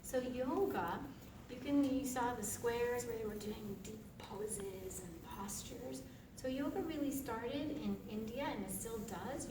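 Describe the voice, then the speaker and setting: Woman teaching laughter yoga live, high-ish voice, picked up from a distance with noise behind. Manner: playful, laughs often, chants gibberish sounds. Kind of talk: live group demonstration. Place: large room with an audience. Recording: echoey room from far off, noisy.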